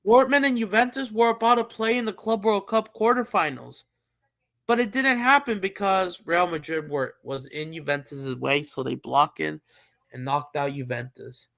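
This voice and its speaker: A man's voice: high-pitched, moderate pace, creaky, a bit bright. A man hosting a live stream, chatting casually about football and thinking aloud with many fillers and restarts. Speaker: streamer host.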